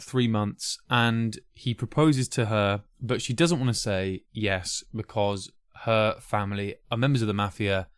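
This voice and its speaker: Blunt, animated male podcast co-host. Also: on the low side, clear, resonant tone. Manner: animated, blunt, swears freely. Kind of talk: casual film chat.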